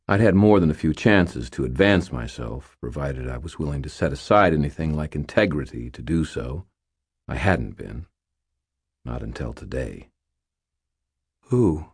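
Male audiobook narrator: grave, measured first-person read, very deep bass, husky edge. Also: expressive, no echo, studio quality.

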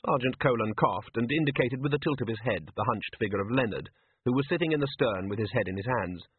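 A man narrating an audiobook with expressive, scripted storytelling. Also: mid-range voice, fast, husky, no echo. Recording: tinny phone-like line, dry.

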